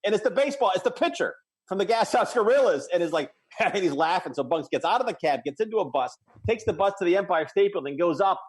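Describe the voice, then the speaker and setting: A man's voice: sits high, expressive, fast, breathy edge. Enthusiastic man retelling cartoon scenes. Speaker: podcast co-host. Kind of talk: casual chat.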